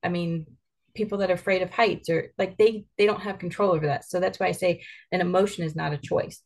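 A woman with a somewhat low voice and a gravelly edge to it. She talks earnestly and reflectively, as a mother in a candid podcast chat. Her pace is steady and conversational. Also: fairly quick. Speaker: mother of kids.

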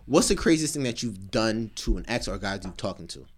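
A man of Haitian and Cuban background hosting a podcast, telling stories in a joking, animated way. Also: on the low side, brisk, very noisy. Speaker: podcast host. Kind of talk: casual chat.

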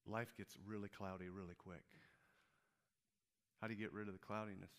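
A male pastor from Peoria, Illinois, preaching a sermon in an animated storytelling way, with frequent halting restarts. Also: lowish voice, a little hiss or hum. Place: church.

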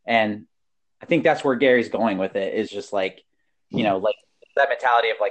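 A young man hosts a podcast, talking casually and swearing freely. He is animated and breaks into laughter often. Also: fairly low pitch, fairly quick. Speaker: podcast host.

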